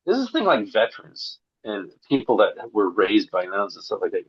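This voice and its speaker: A man's voice: fairly low pitch, wildly swooping pitch, a little fast, breathy edge, dull audio. A man from St. Louis, a comedian guest on a podcast, telling profane stories with punchy asides. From St. Louis, USA. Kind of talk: casual podcast chat.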